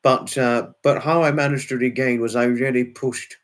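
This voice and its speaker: Speaking at a moderate pace with medium pitch and fairly even intonation, a male streamer answers viewers in casual live chat. His replies wander and fuss, full of restarts and exclamations.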